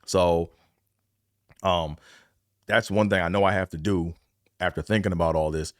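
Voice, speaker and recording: Rambling slangy man, low dry voice. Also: steady tone, normal speed, dry recording. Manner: rambling, repeats himself, talks up and down in bursts; slangy and conversational. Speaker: podcast host. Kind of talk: casual solo podcast talk.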